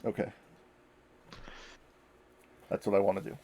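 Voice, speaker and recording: A man playing a tabletop game, thinking out loud with hesitant restarts. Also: lowish voice, flat delivery, unhurried, creaky, husky. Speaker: player. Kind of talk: casual tabletop game chat.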